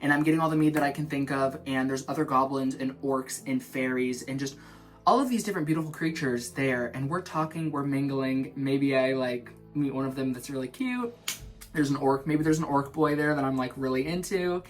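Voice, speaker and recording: A young man vlogging in his shower, rambling in an animated, self-mocking way. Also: medium pitch, a little fast, soft background music. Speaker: vlog host. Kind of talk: rambling stream-of-consciousness chat. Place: in the shower at home.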